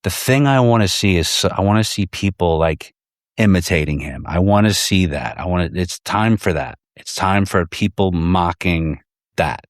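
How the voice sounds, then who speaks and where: Podcast guest, male, deep voice, dry handheld-recorder sound, loose and profane, lots of restarts. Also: dry recording. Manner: rambling, profane, many restarts. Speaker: podcast guest, fellow podcast host. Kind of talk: casual in-person chat. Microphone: handheld portable recorder.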